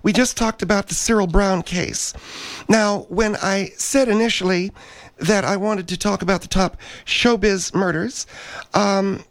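A man's voice: high voice, steady tone, a little slow, no echo. Hesitant, rambling male radio host. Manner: rambling and hesitant, many fillers.

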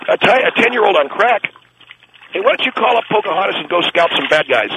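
A man's voice: high-pitched, lively intonation, quick pace, creaky, voice pushed up. A man voicing a smug, brash rich businessman who mocks callers while sitting in a bathtub, on a noisy line. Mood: mocking. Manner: brash, mocking, dismissive. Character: smug rich male boss bathing in a tub. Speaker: guest on a radio call-in show.

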